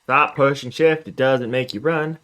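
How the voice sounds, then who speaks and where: A man's voice: medium pitch, fairly even intonation, moderate pace, pushed and bright. A male gaming streamer chatting casually through a let's play, self-mocking and upbeat.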